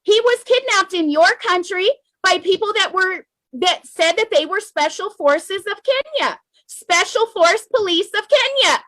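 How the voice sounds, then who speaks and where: Fiery high-voiced American woman. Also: lively intonation, measured pace, hardly any pauses, sharp tone, dry recording, rough recording. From United States. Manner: fiery, emotional, repeats points for emphasis. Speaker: political commentator. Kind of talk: impassioned political monologue to camera.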